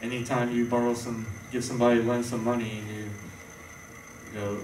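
A man's voice: medium pitch, little pitch movement, brisk, noisy background. A man preaching an informal sermon, rambling and conversational with many fillers and restarts. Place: church hall. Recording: echoey room, voice from far off.

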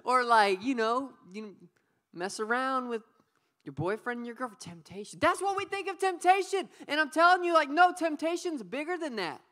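A young adult woman giving a youth sermon, playful and lively, calling on the audience to repeat words back. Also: high voice, normal speed. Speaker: youth pastor. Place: church youth service.

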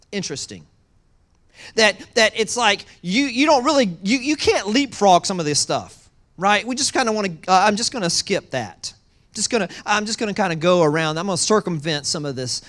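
Lively pastor, sermon delivery, big swings between loud and quiet, plays out voices for laughs. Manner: animated, swings from loud excitement to hushed low tones; acts out quoted voices with humor.

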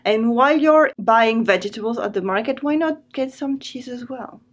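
French woman, higher voice, patient language teacher who repeats words slowly for pronunciation. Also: animated. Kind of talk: vocabulary lesson.

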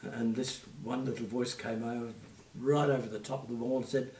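An Australian man in his eighties, a retired puppeteer, telling gentle stories in an interview with many fillers. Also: medium pitch, flat delivery, normal speed, distant mic. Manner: gentle anecdotal storytelling, frequent fillers. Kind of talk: reminiscing interview. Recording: echoey room, off-mic.

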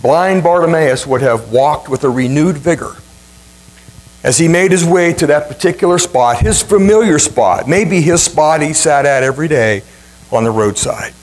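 Man preaching, emphatic, fairly high-pitched voice, repeats lines for drama. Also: moderate pace, rough recording. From Ohio, USA. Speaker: pastor. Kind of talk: sermon.

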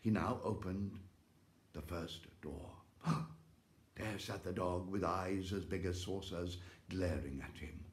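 A man's voice: low voice, a little slow. A male actor reading a fairy tale aloud at home in a theatrical way, with gasps and exclamations. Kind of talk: expressive storybook reading. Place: home, during lockdown. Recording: echoey room.

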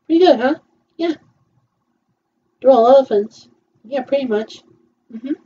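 A woman's voice: high-pitched, measured pace, mellow, dull audio, a little hiss or hum. A woman casually commenting while she watches a film, often murmuring agreement between her remarks. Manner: chatty, with frequent murmured agreements. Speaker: viewer reacting to a film.

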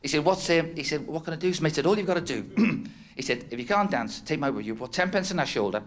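Animated and fast-talking, with a fairly high pitch, this North West England comedian rambles through a self-mocking routine on a club stage. He often laughs along at his own jokes, captured in a noisy old club recording where the audience is laughing.

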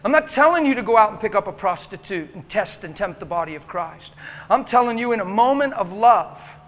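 High voice, man, passionate sermon, hushed then loud, church hall reverb. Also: expressive, brisk. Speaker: preacher.

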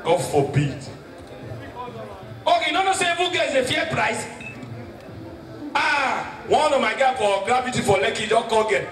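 A man with a Nigerian accent doing stand-up comedy, telling stories with animated delivery and shouting his punchlines to the crowd. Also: very high voice, normal speed, pauses often, music in the background. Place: comedy stage before a live audience. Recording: echoey stage from far off with crowd.

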